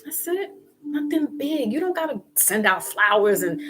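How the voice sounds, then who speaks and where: A woman vlogger giving a casual spiritual pep talk in an animated, slangy way, acting out little quoted exchanges. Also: on the high side, moderate pace, background noise.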